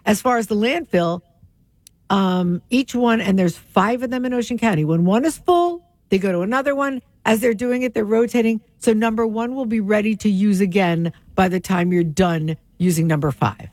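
A woman co-hosting a radio show, chatting casually with jokey, quick asides. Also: mid-range voice, darkish tone, dry recording. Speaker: radio co-host.

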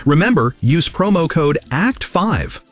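Upbeat guy doing an app ad, a bit breathy, music behind. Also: fairly high pitch, big pitch swings, a little slow. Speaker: ad announcer. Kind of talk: scripted ad voice-over.

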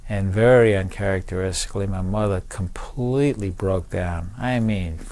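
An older man, a veteran, telling a personal story in a measured, reflective way. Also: sits low, gravelly, darkish tone. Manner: measured, reflective, with small restarts.

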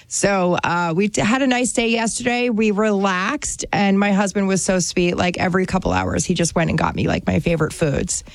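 A woman from New Jersey, chatting casually and excitedly as a regular on a radio talk show, laughing often. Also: medium pitch, moderate pace, few pauses, no echo.

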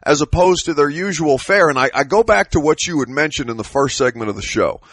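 A male co-host musing about sports fans in a thoughtful, halting way, often repeating words as he thinks. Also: fairly high pitch, animated, a bit bright, no echo. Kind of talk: casual sports talk.

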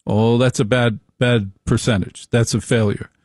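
A middle-aged man delivering a slow, deliberate, wry opinion monologue with repeated phrases. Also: medium pitch, steady tone, darkish tone, no echo, clean studio sound.

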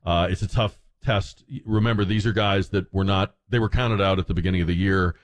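Indignant talk radio host, low-voiced man. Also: brisk. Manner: animated, indignant, sarcastic. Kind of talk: opinionated talk radio monologue.

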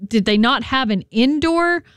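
A woman's voice: high voice, animated, unhurried, fairly bright tone, clear, resonant tone, dry recording. A woman co-hosting a morning radio show, chatting in an easygoing, amused way. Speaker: radio co-host. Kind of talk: casual radio banter.

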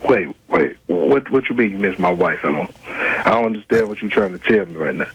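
Angry man shouting down a muffled phone line. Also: low voice, lively intonation, brisk, husky. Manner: heated, swearing, repeats himself. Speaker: prank call target.

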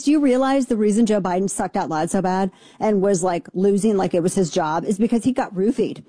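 A woman's voice: mid-range voice, fairly quick, few pauses, warm tone, dry recording. A woman hosting a talk radio show, ranting in a brash, sarcastic, mocking way. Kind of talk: opinionated talk radio rant.

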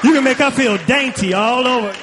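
A man's voice: extremely high pitch, fairly quick, background noise. A stand-up comedian from Chicago, a man, talking loosely and chattily to the crowd. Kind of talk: stand-up set to a live crowd. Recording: live club with reverb and crowd.

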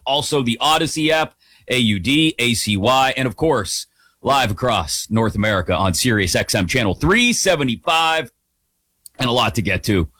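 A man opens a sports talk show with lively, playful energy. His voice sits at a middling pitch. The studio sound is dry and close. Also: dry recording. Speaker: sports radio host. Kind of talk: radio show opening. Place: radio studio.

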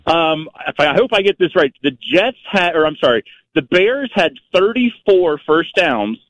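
Upbeat higher-voiced male caller. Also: expressive, moderate pace, a bit bright, no room sound, poor audio. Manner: upbeat, eager. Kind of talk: phone-in call.

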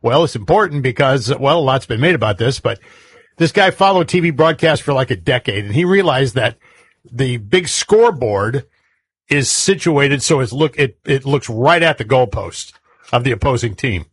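Husky-voiced chatty talk show man. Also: mid-range voice, animated, normal speed, dry recording. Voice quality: chatty storyteller, laughs often. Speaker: co-host. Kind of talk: casual talk show chat.

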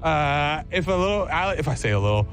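A man hosting a radio show, telling a story in casual banter, animated and playful, slipping into silly voices. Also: fairly high pitch, fast talker, faint music behind.

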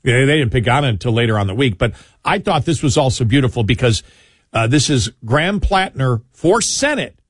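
Expressive and fairly quick, this man's medium-pitched voice carries a casual political talk show full of meandering stories. He keeps cutting himself off, starting over and chuckling, and the studio-quality audio has no room sound.

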